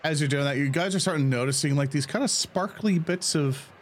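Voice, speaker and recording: A man's voice: on the high side, brisk, a little hiss or hum. Laid-back man game master. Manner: loose, chatty, laughs easily. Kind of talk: narrating a tabletop game.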